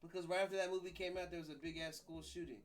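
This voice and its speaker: A man's voice: fairly high pitch, fairly even intonation, rapid-fire, far from the mic, music in the background. A man in a casual podcast chat, blunt and teasing, speaking away from the microphone. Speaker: podcast co-host.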